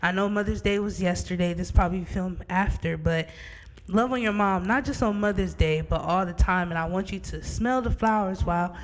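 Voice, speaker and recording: A young woman hosting a podcast, chatting warmly with her mother and laughing often. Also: on the low side, moderate pace. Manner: warm, laughs often, talks to listeners as "y'all". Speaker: podcast host. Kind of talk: casual chat. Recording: roomy reverb.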